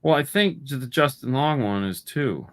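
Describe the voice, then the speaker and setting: A man's voice: medium pitch, animated, normal speed. A man talking movies as co-host of a casual chat show. He rambles, swears freely and keeps restarting his sentences. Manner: rambling, profane, lots of restarts. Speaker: podcast co-host.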